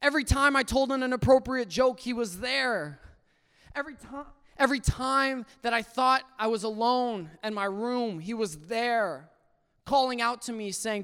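A young man giving an earnest personal faith testimony, swinging from hushed to loud and emotional. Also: sits high, measured pace, clear, resonant tone, long reverb tail. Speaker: testimony speaker.

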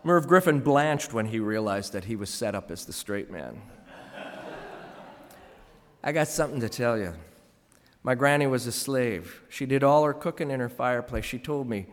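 A man's voice: medium pitch, normal speed. Wry man telling stories in an echoing hall. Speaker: commentator. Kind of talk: scripted tribute commentary.

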